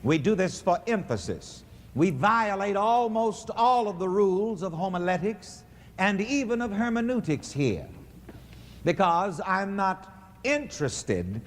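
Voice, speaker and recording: A man preaching a call-and-response sermon in a church, leading the congregation to repeat his lines in a steady rhythm. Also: sits high. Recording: echoey church hall recording.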